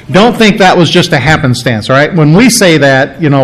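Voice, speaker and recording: A man's voice: on the high side, expressive, fairly quick, few pauses, a bit bright, low-quality recording. A man preaching a conversational sermon to a congregation, stressing points and checking in with his listeners. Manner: conversational, emphatic, checks in with "all right?". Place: church before a congregation.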